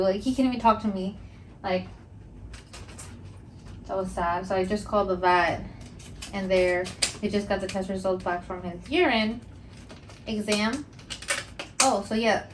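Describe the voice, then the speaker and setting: A woman's voice: mid-range voice, noisy background. Young woman vlogger, casual rambling monologue, mid-range voice. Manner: rambling and emotional, heavy use of filler "like". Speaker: mental health podcast host.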